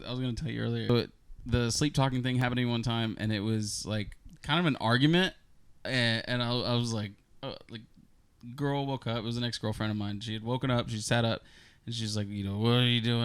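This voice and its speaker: A man's voice: medium pitch, quick pace, clean tone, no room sound. A young man in a casual podcast chat, his voice sitting in a middle register. He rambles through his stories, swears freely and acts out the things people said. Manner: loose storytelling, swearing, acting out quotes. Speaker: podcast co-host.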